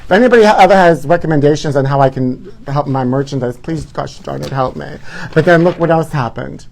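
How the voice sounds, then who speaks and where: A man's voice: a little high, brisk, gravelly, a little mellow. Sassy, dramatic man hosting live gossip. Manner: dramatic, sassy, calls viewers honey. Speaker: host. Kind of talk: campy live gossip chat.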